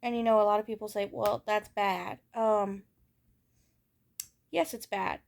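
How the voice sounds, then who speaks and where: A woman's voice: mid-range voice, level tone, moderate pace, vocal fry, a little mellow. A young woman giving a candid personal monologue as a vlogger. She talks in a raw, blunt way, swears and circles back over her thoughts. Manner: ranting.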